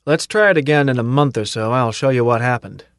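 A man's voice: medium pitch, a little fast, no room sound, clean studio sound, lightly acted. A man voicing a tough, cocky male drill sergeant who barks and taunts his recruits in an audiobook. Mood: gruff. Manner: barking, taunting commands.

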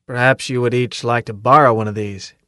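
A man's voice: medium pitch, fairly even intonation, brisk, a bit bright, no echo, studio quality, close to an everyday voice. A man voicing a tough, cocky male drill sergeant who barks and taunts his recruits in an audiobook. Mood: sardonic. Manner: barking, taunting commands.

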